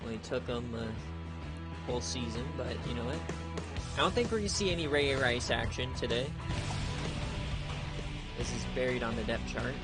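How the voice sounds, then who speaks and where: A young man giving laid-back play-by-play commentary on a streamed video game, chatty and prone to excited outbursts. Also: medium pitch, moderate pace, long pauses, loud music behind the voice. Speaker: league streamer.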